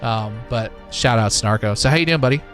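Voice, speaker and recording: Bright-voiced rambling male stream host. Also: fairly low pitch, brisk, soft background music. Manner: easygoing, rambling, lots of fillers and laughs. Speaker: livestream host. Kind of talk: casual live-stream chat.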